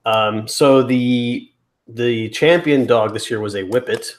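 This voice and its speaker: Relaxed man hosting a podcast. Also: medium pitch, slow. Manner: relaxed, laughs, gives shout-outs. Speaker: podcast host. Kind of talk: casual chat.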